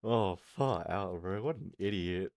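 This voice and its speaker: Guy streamer with a lowish voice, crude self-roasting banter, answers chat, dry close sound. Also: unhurried, darkish tone, no room sound. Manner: crude, self-mocking banter with frequent laughs; chats back to viewers' comments. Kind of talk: casual live-stream chat.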